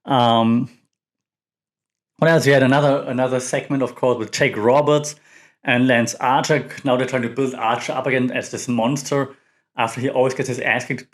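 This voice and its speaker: A man's voice: mid-range voice, fairly even intonation, moderate pace. A man hosting a podcast, giving a casual, rambling recap full of fillers and restarts. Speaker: podcast host. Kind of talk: casual wrestling recap commentary.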